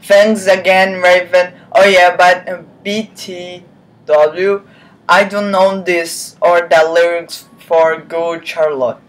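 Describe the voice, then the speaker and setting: A woman's voice: on the low side, little pitch movement, slow pace. A woman giving a mocking dramatic reading of a fan story, breaking off for sarcastic asides. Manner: sarcastic asides between read lines; swears and laughs at the text. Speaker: reader of fan fiction.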